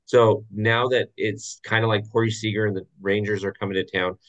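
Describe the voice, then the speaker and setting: Male podcast host, lower voice, easygoing teasing, lo-fi dull audio. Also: little pitch movement, brisk, a bit bright. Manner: easygoing, teasing questions to co-hosts. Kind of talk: casual sports chat.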